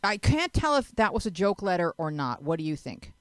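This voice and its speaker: A woman's voice: fairly low pitch, sing-song, a little fast, clean tone, no echo. A woman hosting a teen panel talk show, giving frank advice in a chatty, joking way and often restarting her sentences.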